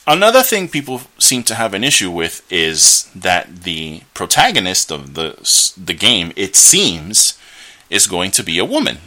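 A man's voice: low-pitched, huge pitch swings, measured pace, bright, forceful tone. A man hosting a solo podcast, giving opinionated, rambling commentary with frequent fillers and restarts and bursts of scornful ranting. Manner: scornful rants. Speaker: podcast host.

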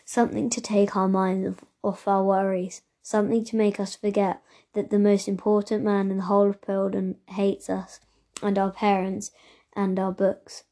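A woman reading a children's novel aloud at an unhurried pace, with the occasional stumble. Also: mid-range voice, completely flat delivery, mellow. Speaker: reader.

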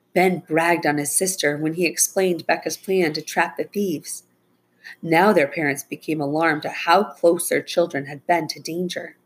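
Woman, low voice, husky, reading a children's story aloud, plain even narration.

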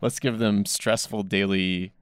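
A man's voice: on the low side, steady tone, measured pace, clear, resonant tone, no room sound. A man in casual chat, dropping short, dry, wry comments.

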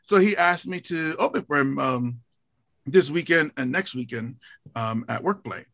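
A man's voice: mid-range voice, moderate pace, vocal fry. A male comedian with a Hawaii accent, chatting on a podcast and acting out his own lines as he tells stories. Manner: animated storyteller, acts out his own lines. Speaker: guest comedian. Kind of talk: casual podcast chat.

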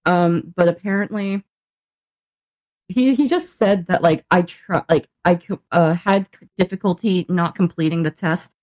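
A young woman co-hosting a podcast, telling a story in casual chat, animated, laughing often and swearing freely. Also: fairly low pitch, a little slow. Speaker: podcast co-host.

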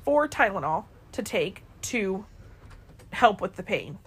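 A woman's voice: mid-range voice, slow pace, breathy edge. A woman co-hosting a podcast, casually telling her grown daughter a family story and acting out the people in it. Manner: lively storyteller who acts out quoted people. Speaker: podcast co-host.

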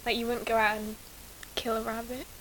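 Giggly woman, slightly high, faint hiss. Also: level tone, fairly quick, fairly bright tone, low-quality recording. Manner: giggly, rambling. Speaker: podcast guest. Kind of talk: casual chat.

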